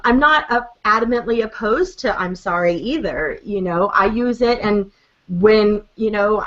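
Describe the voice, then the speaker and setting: A woman's voice: mid-range voice, a bit bright, highs cut off. A woman guest in a casual conversation who tells stories animatedly and acts out dialogue.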